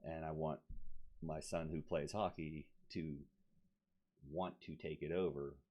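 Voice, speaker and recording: A man's voice: a bass voice, a little slow. A man telling a story in casual podcast talk, swearing freely and acting out the people he quotes. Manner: profane, animated, acts out quoted voices. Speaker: guest. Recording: dull lo-fi podcast audio.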